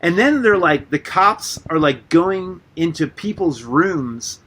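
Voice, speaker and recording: A man guest on a radio interview, telling rambling stories in a loose, animated way, full of "like" and casual swearing. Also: on the high side, slow pace. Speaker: guest artist and musician.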